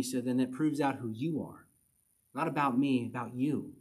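A man teaching verse by verse from the Bible, reading passages aloud and then explaining them in a relaxed, conversational way. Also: medium pitch, normal speed, husky. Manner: reads scripture then explains it conversationally, with little chuckles.

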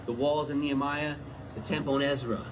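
A man preaching a sermon in an animated way, often asking his listeners questions. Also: medium pitch, fairly quick, background noise. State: out of breath.

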